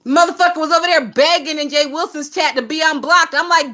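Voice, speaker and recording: A woman hosting a casual gossip livestream, talking in a lively, profane way and laughing often. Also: high-pitched, brisk, hardly any pauses. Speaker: livestream host.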